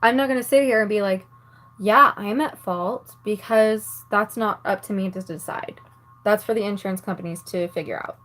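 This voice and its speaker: While doing her makeup, a woman vlogger rants casually to the camera, angry, annoyed, and exasperated, swearing often and packing her speech with "like." Her mid-range voice has fairly even intonation and a slightly fast pace, with faint music behind her.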